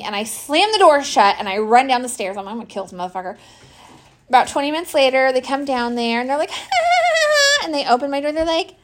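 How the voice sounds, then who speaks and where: A woman's voice: high-pitched, a little hiss or hum. A middle-aged woman telling brash, profane stories about her kids in casual chat. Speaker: podcast host. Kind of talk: casual storytelling.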